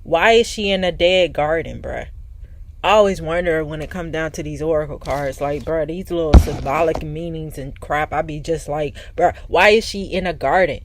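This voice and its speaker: A woman's voice: low voice, moderate pace, slight background noise. Slangy, profane woman tarot reader. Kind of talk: casual spiritual card reading.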